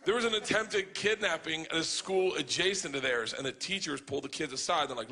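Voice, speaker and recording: Bright-voiced man doing profane stand-up. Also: on the high side, a little fast, hardly any pauses. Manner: profane, animated, acting out voices. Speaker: stand-up comedian. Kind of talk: stand-up storytelling. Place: comedy club stage.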